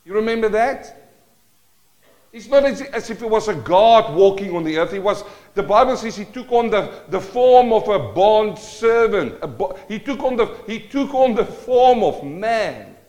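A man's voice: high-pitched, lively intonation, unhurried, darkish tone, rough recording. A male pastor preaching a sermon, asking the congregation rhetorical questions and acting out prayers in shifting tones.

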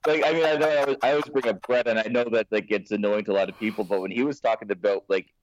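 A Canadian man co-hosting a podcast, easygoing and quick to laugh. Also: lowish voice, steady tone, slight background noise, rough recording. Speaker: podcast co-host. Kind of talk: casual chat.

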